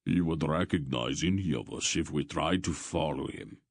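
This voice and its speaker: A man doing a seasoned fighter with dry, wry remarks, in a deep, steady voice. Close, dry reading. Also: normal speed, gravelly, no room sound, full character voice.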